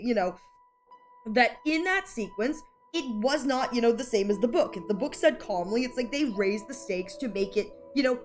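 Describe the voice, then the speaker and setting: A woman streamer chatting casually with her viewers, rambling with lots of fillers and frequent giggles. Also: a little high. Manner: rambling, heavy "like" and "you know" fillers, giggly. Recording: faint music in the background.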